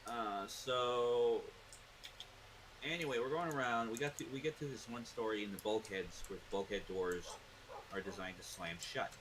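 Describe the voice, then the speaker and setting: A man's voice: fairly low pitch, normal speed, background noise. A man casually telling a rambling, laid-back story to a co-host. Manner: rambling, laid-back, uses fillers like blah blah blah.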